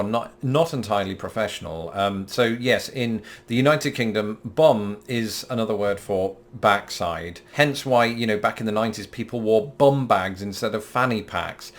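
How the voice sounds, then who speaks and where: A man's voice: lowish voice, normal speed, few pauses. Playful British man hosting a vlog. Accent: British English. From Britain. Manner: playful, self-mocking, prone to giggling. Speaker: YouTube host. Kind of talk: scripted explainer vlog.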